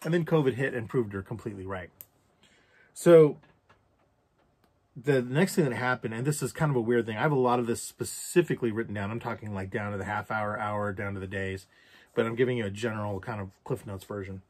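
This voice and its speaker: A man's voice: on the low side, fairly quick, darkish tone. A man recounting a personal story for a journal vlog, candid and reflective, with casual swearing. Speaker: vlogger.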